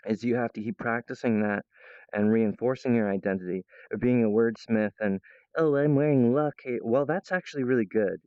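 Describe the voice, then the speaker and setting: Smooth-voiced man rambling playfully at home. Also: lowish voice, a little fast, no room sound, highs cut off. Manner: meandering, playful, full of restarts and silly voices. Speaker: vlogger. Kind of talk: rambling casual monologue to camera. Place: at home, in the kitchen.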